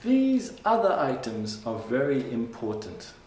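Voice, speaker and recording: A male English teacher giving a classroom lesson, patiently repeating phrases slowly for his learners. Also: medium pitch, wildly swooping pitch, darkish tone, a little hiss or hum. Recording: roomy classroom sound from a distant mic.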